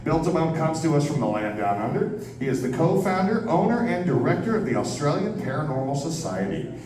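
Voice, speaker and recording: A man's voice: a little high, sing-song, a little fast, darkish tone. A man introducing a speaker at a convention, playful and leading the crowd in call-and-response. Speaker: event host introducing a speaker. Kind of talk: lively stage introduction with crowd participation. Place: convention hall with an audience. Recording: echoey hall, heard from a distance, noisy crowd.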